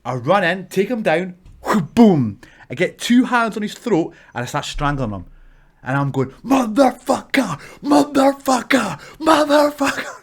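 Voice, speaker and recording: A man's voice: on the high side, very animated, normal speed. A Scottish man, a wrestler, telling stories to camera in a casual vlog, swearing freely and acting out the people in them. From Scotland.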